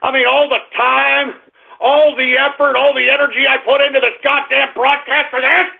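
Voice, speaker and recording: A man voicing a furious, squeaky-voiced radio host who shouts and curses at his audience in an exasperated rant. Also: level tone, normal speed, gravelly, heavily acted. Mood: fed up. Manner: shouting, cursing, exasperated ranting. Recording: tinny phone-line radio stream.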